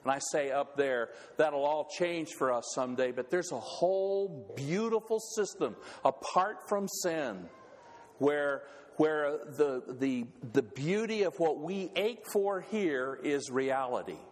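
A man preaching a sermon in an earnest, halting way, often restarting his words. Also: on the high side, expressive. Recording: long reverb of a church hall.

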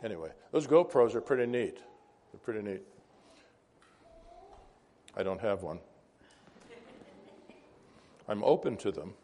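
A man's voice: on the low side, lively intonation, normal speed, warm tone, a little hiss or hum. A man teaching an informal Bible class, conversational and wandering into asides, asking the class questions.

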